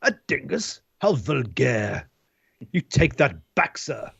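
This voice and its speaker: A man's voice: mid-range voice, very animated, slow pace, creaky, fairly bright tone, husky, no room sound, muffled recording, full character voice. A man reading a fussy, pompous Frenchman with a put-on French accent in a live script read, talking in a flustered, rambling way. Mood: offended.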